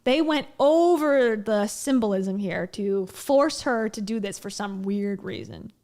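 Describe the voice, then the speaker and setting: A woman's voice: mid-range voice, animated, a little slow, darkish tone. A woman hosting a reaction video, talking in a blunt, mocking, casual way. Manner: mocking, blunt, laughs between remarks. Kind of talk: casual sarcastic commentary.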